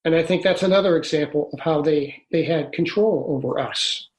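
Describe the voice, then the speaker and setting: Man in his 60s, interview guest, earnest, halting, somewhat high voice, echoey room. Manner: earnest, halting, with many restarts. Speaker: guest, author. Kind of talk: storytelling in an interview.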